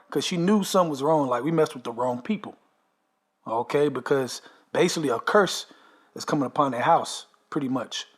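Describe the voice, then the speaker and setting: A man's voice: mid-range voice, fairly quick, slightly rough. A man telling a long story in a casual, emphatic way, often tagging his sentences with "man" and "okay". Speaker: storyteller recounting a dream. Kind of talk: casual monologue.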